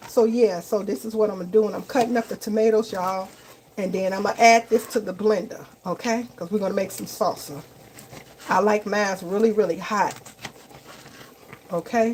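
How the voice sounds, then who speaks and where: A woman's voice: mid-range voice, a little mellow, a little hiss or hum, poor audio. A woman hosting a casual live cooking stream in her home kitchen, chatting to viewers as y'all and tagging okay onto her lines. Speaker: cooking livestream host.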